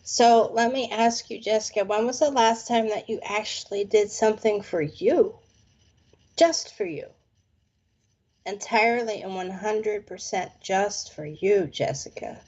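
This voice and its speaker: A woman's voice: medium pitch, measured pace, darkish tone, muffled recording. A woman doing a casual live palm reading, chatty and playful with slangy phrases. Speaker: psychic palm reader.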